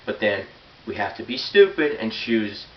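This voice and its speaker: A man's voice: lowish voice, sing-song, normal speed. A teenage boy giving an earnest, blunt sermon and reading scripture aloud. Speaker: youth preacher. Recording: roomy, dull, hissy, far from the mic.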